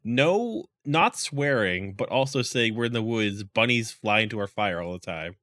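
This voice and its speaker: A man casually recapping a movie, rambling with lots of "like" and quick quoted lines. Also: fairly low pitch, lively intonation, a bit bright, dry recording. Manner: rambling, many "like"s, quotes characters in quick voices.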